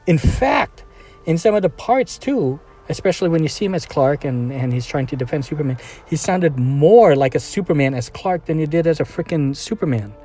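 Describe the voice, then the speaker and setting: A man's voice: on the high side, expressive, normal speed, dark tone, soft background music. A man giving a casual, rambling film review, full of fillers, restarts and trailing sentences.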